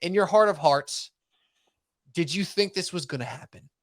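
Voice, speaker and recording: A man hosting a sports podcast in casual chat, talking in animated, rambling runs and mocking himself. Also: sits high, normal speed, dry recording, clean studio sound. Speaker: podcast host.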